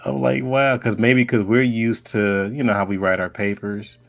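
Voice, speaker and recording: A man's voice: on the low side, moderate pace, creaky. A man co-hosting a casual group chat in a laid-back, slangy way, laughing often. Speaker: podcast co-host.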